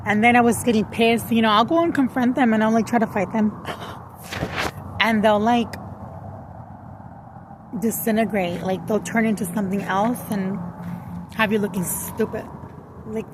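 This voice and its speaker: A woman's voice: mid-range voice, steady tone, normal speed, long pauses, background noise. A woman venting bluntly in a casual monologue, cursing and switching into Spanish. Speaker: vlogger.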